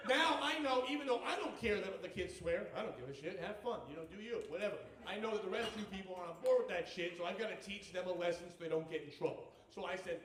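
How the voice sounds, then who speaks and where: Profane male stand-up comic, high voice. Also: fairly quick, crowd noise. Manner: profane, animated storytelling. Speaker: stand-up comedian. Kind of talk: stand-up comedy set. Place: comedy club stage. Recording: echoey club, distant mic, audience laughter.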